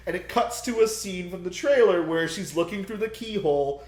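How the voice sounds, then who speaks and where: A young man co-hosting a podcast, retelling a movie plot in loud, profane, animated bursts and acting out screams. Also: high-pitched, brisk, few pauses, echoey room. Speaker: podcast co-host.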